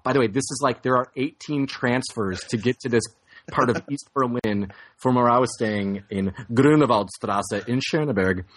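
A man's voice: medium pitch, normal speed. Brief: man, middle voice, rambling self-mocking podcast storyteller, casual. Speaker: podcast co-host.

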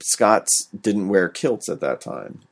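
A man co-hosting a podcast, reviewing a film in a relaxed, rambling way, with many fillers. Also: low-pitched, slow, gravelly. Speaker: podcast co-host. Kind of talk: casual movie review chat.

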